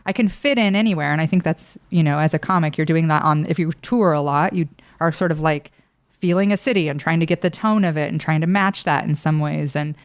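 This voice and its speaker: A woman's voice: low voice, fairly quick, clear, resonant tone, dry recording. A middle-aged woman hosting a podcast, talking in a friendly, chatty way and laughing easily. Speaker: podcast host. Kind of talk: casual podcast conversation.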